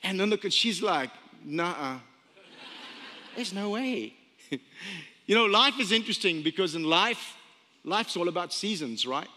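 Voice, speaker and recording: A man in his thirties preaching a sermon as pastor, chatty and storytelling, repeating phrases and slowing down for emphasis. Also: high-pitched, animated, pushed and bright. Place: church sanctuary. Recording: long hall reverb.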